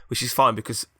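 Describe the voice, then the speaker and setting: Bright-voiced chatty man. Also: no room sound, clean studio sound. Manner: chatty, meandering. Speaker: podcast co-host. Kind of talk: rambling improvised storytelling.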